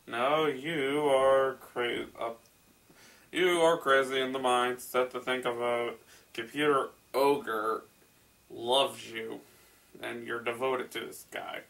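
A man reading a story aloud and breaking in with sarcastic, incredulous commentary that rises into loud exclamations. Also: mid-range voice, fairly even intonation, takes it slowly, vocal fry. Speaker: creepypasta reader and commentator.

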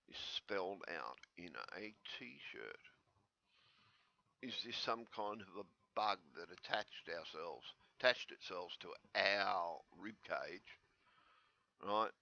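A middle-aged man rambling excitedly in a solo vlog, repeating his questions as his voice jumps up high. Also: gravelly, lo-fi sound. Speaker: conspiracy vlogger.

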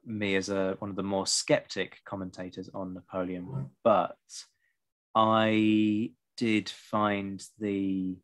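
Deep-voiced man, measured talk. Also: little pitch movement. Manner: measured, historian's asides, dry wit. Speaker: podcast host. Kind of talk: casual discussion while playing.

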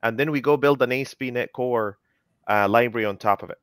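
A man's voice: medium pitch, fast, a bit bright, clean tone, no room sound. A man hosting a live coding session, chatting casually and teasing his co-hosts, with lots of "you know".

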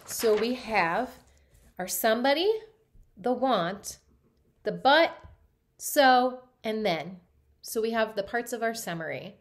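A woman teacher reading a picture book aloud to a class, stopping often to ask the students questions in an animated way. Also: a little high, slow, pauses often.

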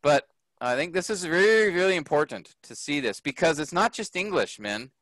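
A man teaching a grammar lesson to a group, slow and patient, often checking that the class follows. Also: on the high side, expressive, a bit bright, no echo. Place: workshop room.

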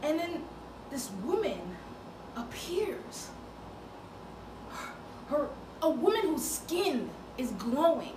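A woman performing a theatrical monologue, confiding in a friend in a slow, emotional storytelling way. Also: high-pitched, very animated, recorded from a distance. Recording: echoey room with background noise.

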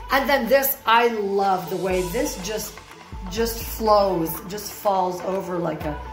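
A woman's voice: mid-range voice, slow pace. A middle-aged woman giving a rambling, enthusiastic tour of her houseplants at home, often unsure of their names. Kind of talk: casual home video tour. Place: home room with plants. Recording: roomy home echo with music behind.

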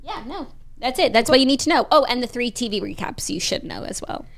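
A young woman co-hosts a casual podcast and adds short, dry, teasing remarks. Her voice sits a little higher than most women's. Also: lively intonation, a little fast, gravelly. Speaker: podcast co-host. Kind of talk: casual chat.

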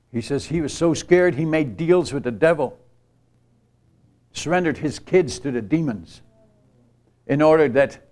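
A man's voice: fairly high pitch, a little mellow. An older man giving a storytelling sermon at a church retreat, earnest and rambling, with many restarts. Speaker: missionary speaker. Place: church retreat camp gathering.

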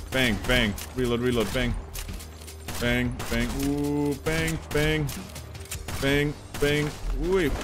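A man giving playful live commentary while playing a video game, chanting gunshot sounds as he goes. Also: medium pitch. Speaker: let's play gamer. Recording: game music playing underneath. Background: video game music.

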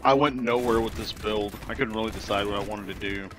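A man's voice: on the low side, fairly even intonation, fast, music in the background. A man playing a co-op game, chatting casually with dry, wry humor. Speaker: co-op game player. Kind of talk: casual gameplay chat.

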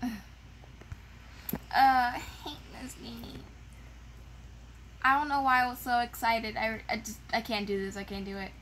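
A woman's voice: fairly high pitch, flat delivery, a little slow, pauses often, a bit bright, a little hiss or hum, poor audio. A woman gamer chatting casually while playing, frustrated and exclaiming, with dramatic complaints. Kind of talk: casual gameplay chat.

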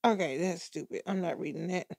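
A woman's voice: lowish voice, brisk, vocal fry, darkish tone, dry recording, studio quality. A woman co-hosting a casual podcast chat, sounding exasperated and repeatedly saying she is done. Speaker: podcast co-host.

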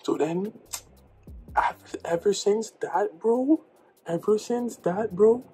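A young man from New York telling a comedic storytime in slangy, animated speech with loud outbursts. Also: high-pitched, takes it slowly. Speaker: vlogger.

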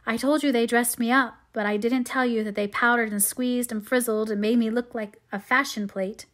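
A woman's voice: a little high, fairly even intonation, moderate pace, fairly bright tone, natural voice. A woman reading aloud as a remorseful teenage girl confessing to her mother. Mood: earnest. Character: young woman, sixteen-ish, sweet and remorseful.

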